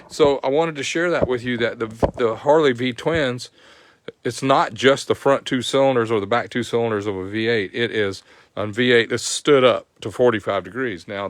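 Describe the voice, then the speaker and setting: A man's voice: medium pitch, dry recording. A man with a Southern accent hosting a live-streamed technical lesson, explaining step by step in a folksy way and greeting viewers by name. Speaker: host.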